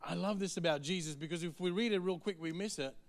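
A man's voice: sits high, faint music behind. A man preaching a sermon in an earnest, conversational way. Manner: earnest, conversational, quick to the point.

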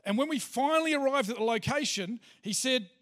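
A man's voice: very high voice, expressive, fairly quick, fairly bright tone. A man, a pastor giving a sermon and telling a personal story in a chatty way with lots of fillers.

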